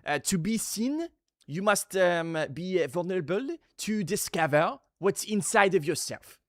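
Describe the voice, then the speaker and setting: A man voicing a stern male clown teacher who speaks in a hushed, slow and grave way. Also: on the high side, clean tone, no room sound, studio quality, natural voice. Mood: solemn.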